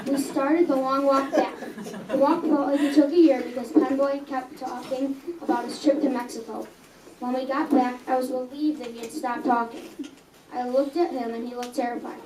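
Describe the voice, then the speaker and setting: Young girl reading her story aloud, high voice, stumbles here and there, sounds far from the mic. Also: fairly even intonation, moderate pace, a loud crowd. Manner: earnest, with small stumbles and self-corrections. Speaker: reader. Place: coffee house. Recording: echoey room, mic at a distance.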